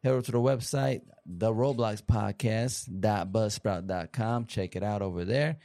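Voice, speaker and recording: A young man co-hosting a casual podcast, talking in an easygoing, rambling way with frequent pauses. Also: fairly low pitch, mellow, no echo. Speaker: podcast co-host.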